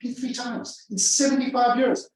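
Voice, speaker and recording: A man's voice: very high-pitched, flat delivery, normal speed, darkish tone. A man giving a live seminar to a room of real estate agents as a sales trainer, emphatic and fond of repeating phrases for effect. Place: large room with a live audience. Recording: echoey room from a distance.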